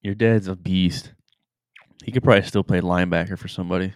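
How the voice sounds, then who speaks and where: A young man with a low voice co-hosts a casual podcast. He talks easily, laughs a lot, and runs through sports betting picks. The recording is dry and close. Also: quick pace, no room sound. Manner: relaxed, laughs often, gives betting picks. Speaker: podcast co-host. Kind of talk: casual chat.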